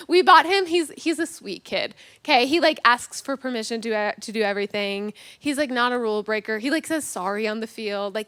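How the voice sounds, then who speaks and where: Her voice sits fairly high and she speaks briskly, barely pausing. During a sermon, this thirtysomething woman pastor relates a comic personal anecdote, animatedly performing each person's quotes with self-deprecating humor.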